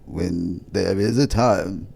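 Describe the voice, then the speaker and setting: A man putting on a deep, grand voice for a male spirit entity making slow, archaic pronouncements. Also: creaky, darkish tone, full character voice. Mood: oracular.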